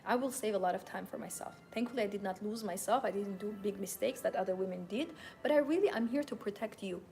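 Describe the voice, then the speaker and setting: A woman's voice: medium pitch, fast talker, vocal fry, a little mellow. A young adult woman hosting a live motivational talk, speaking in a passionate, emphatic, self-assured way. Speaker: host and femininity coach.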